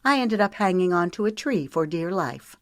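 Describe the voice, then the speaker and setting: A woman voicing a warm young woman in a romance audiobook, bright and laughing as she protests. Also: lowish voice, lively intonation, moderate pace, no echo, studio quality, lightly acted.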